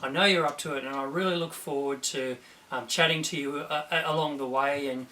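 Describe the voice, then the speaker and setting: Encouraging throat-clearing male teacher. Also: a little high, fairly even intonation, a little fast, pushed and bright, far from the mic. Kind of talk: recorded video lesson for students.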